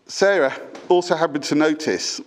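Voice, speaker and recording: A man's voice: fairly high pitch, normal speed. Middle-aged father giving a wedding speech. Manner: warm, fond and gently humorous, with small stumbles. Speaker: father of the bride. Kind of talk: wedding speech read from notes. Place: wedding reception.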